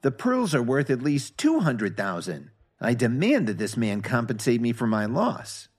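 A man's voice: medium pitch, huge pitch swings, normal speed, husky, voice pushed up. A man voicing an indignant male con man in a read-aloud story, raising his voice in insistent complaint.

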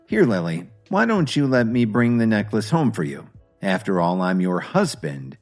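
A man voicing a calm, quietly confident husband who speaks evenly. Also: on the low side, faint music behind. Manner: calm, measured.

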